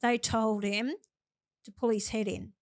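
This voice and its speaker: Speaking at a measured pace in a slightly high voice with little pitch movement, an older Australian woman is heard in a dry recording. She's a senator interviewed as a podcast guest, earnestly giving plain-spoken advice and recounting experiences.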